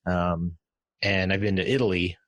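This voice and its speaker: Low-voiced man telling a rambling story. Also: flat delivery, moderate pace, no room sound. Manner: rambling, with many restarts and acted quotes. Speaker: podcast guest. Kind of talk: casual interview storytelling.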